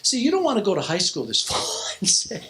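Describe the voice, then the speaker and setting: A man's voice: high voice, wildly swooping pitch, fast talker, bright, forceful tone. An older man preaching a joking, theatrical youth sermon. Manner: joking, theatrical, exaggerated shifts in delivery. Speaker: youth speaker.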